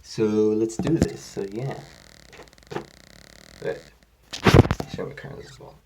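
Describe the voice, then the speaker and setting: Man, low voice, hurried muttering, phone recording with clear background noise. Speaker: toilet video maker. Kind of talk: casual filming commentary. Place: indoor bathroom. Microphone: phone held in hand.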